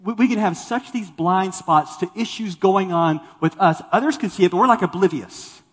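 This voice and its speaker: An animated male pastor delivers a sermon to his congregation, acting out the people he quotes. His voice sits a bit high for a man. It rings with the long reverb of a big church hall. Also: moderate pace.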